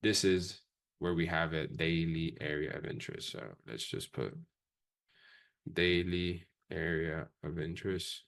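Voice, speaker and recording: A man with a very low voice runs a live trading class. He talks quickly and casually, dropping profanity as he explains each step to his students. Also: steady tone, gravelly, a bit bright. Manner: fast, profane, casual coaching talk. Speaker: trading instructor. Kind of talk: live-streamed trading lesson.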